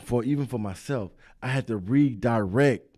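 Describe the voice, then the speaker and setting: A man's voice: mid-range voice, normal speed, darkish tone. A man hosting a casual chat, talking in loose, repetitive street slang. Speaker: host.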